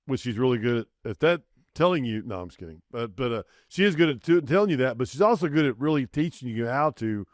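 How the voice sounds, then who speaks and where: A man's voice: mid-range voice, animated, fast, hardly any pauses, no room sound, studio quality. A man with a Southern US accent hosting an interview, talking casually with many restarts and trailing off. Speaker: podcast host.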